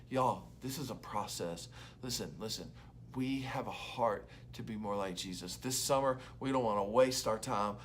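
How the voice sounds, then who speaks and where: A young man preaching an earnest, conversational devotional sermon to students, slipping into quick acted-out voices. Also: medium pitch, fairly bright tone, slight background noise. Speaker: youth pastor.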